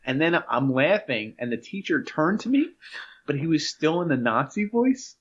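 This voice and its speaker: A man in his 30s, co-hosting a podcast, has a voice on the high side with a sing-song lilt and moderate pace. He laughs while telling anecdotes in a casual chat. The recording sounds dull, muffled, and lo-fi, with slight background noise.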